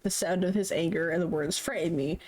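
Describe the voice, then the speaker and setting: A woman streaming a story game live, reading its text aloud and chatting in an animated, giggly way, swearing casually. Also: on the low side, a little fast.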